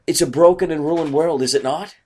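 A man's voice: on the high side, a little fast, darkish tone, slightly rough. A man preaching a sermon in an earnest way, often asking rhetorical questions.

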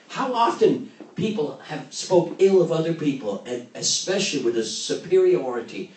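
A man preaching a sermon as pastor, swinging from loud, raised exhortation to low, quiet emphasis. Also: expressive, moderate pace. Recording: roomy, distant mic with faint ambience.

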